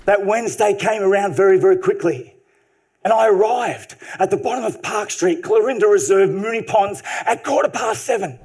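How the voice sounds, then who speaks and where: Animated man telling a story. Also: sits high, moderate pace, breathy edge. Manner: animated, humorous, vivid storytelling. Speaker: speaker. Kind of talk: unscripted storytelling talk on stage. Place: live stage talk.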